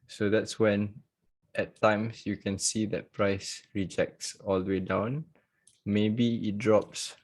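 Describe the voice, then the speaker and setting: Male trading teacher, low husky voice, unhurried, jokey live class on a video call. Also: a little mellow. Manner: joking, chatty, laughs often. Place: at home.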